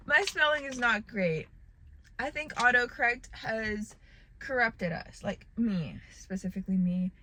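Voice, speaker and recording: A woman's voice: a little high, slow, long pauses. A young woman vlogging from a parked car, chatting casually in a rambling, self-deprecating way with lots of fillers. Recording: loud car and traffic noise.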